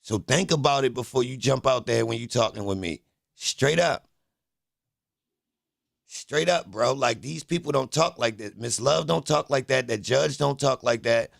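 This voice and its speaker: A man's voice: mid-range voice, normal speed, gravelly, dry recording, clean studio sound. A man hosting a livestream, talking bluntly and profanely as he rants at his chat. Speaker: livestream host. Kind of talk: heated livestream commentary.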